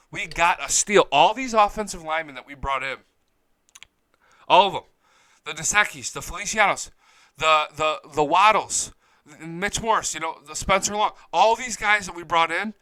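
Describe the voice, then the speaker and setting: A man's voice: high voice, pushed and bright, no echo, poor audio. A man hosting a live-streamed sports talk show, hyped and profane, jumping from topic to topic. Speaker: sports podcast host. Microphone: studio mic, close and dry.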